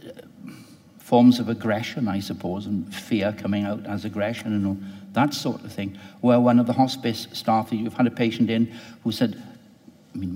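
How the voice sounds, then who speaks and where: A man's voice: fairly low pitch, a little mellow, in a large hall. A man interviewing a guest about her book, talking in a rambling, self-correcting way. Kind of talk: thoughtful radio interview.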